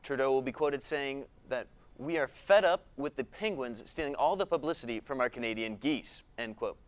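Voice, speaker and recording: A man playing a deadpan news anchor who reads out absurd stories from the future. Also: medium pitch, normal speed, natural voice. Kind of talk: mock newscast.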